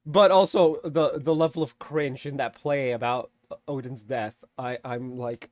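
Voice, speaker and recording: A man casually recapping and reviewing a movie, animated, swearing freely and laughing often. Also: mid-range voice, a little slow, no room sound. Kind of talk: casual spoken film recap.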